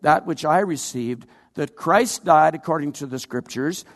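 A man's voice: a little high, a little slow, big-room sound. An older Canadian man preaching a sermon, earnest and folksy, with personal stories woven in. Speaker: pastor.

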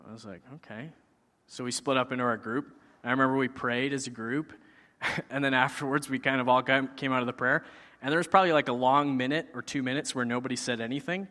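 A man's voice: mid-range voice, steady tone, fast, sharp tone. A man telling a personal faith testimony in a casual, conversational way, acting out his own quoted lines. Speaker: speaker sharing a personal testimony. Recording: long hall reverb.

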